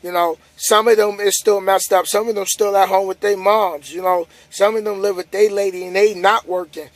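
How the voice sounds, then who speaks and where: Tired high-voiced man giving pep talk. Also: steady tone, moderate pace, dry recording. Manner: casual, repetitive, preachy, building up emphasis. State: tired, yawning. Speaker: trucker vlogger. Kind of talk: motivational monologue to camera.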